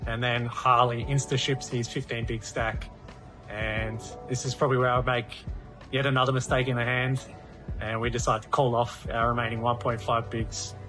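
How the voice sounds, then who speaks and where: Flat-voiced man, rueful. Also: mid-range voice, normal speed, faint music behind, rough recording. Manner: rueful, self-deprecating. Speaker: poker player recounting a hand. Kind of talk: casual recap. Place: poker tournament venue.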